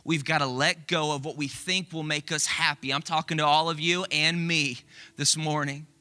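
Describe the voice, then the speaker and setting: Male preacher, earnest and animated, sermon storytelling; very bright, edgy tone, slightly high pitch. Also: normal speed, clean tone. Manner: earnest, animated, conversational with restarts. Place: church auditorium with screen.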